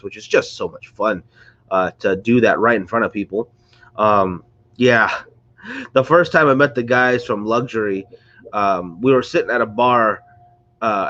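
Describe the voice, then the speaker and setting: A man with a mid-range, fairly bright voice hosts a casual livestream, rambling, chatting and greeting viewers while sounding congested and unwell. The audio is lo-fi, picked up by a mic close to a screen or phone.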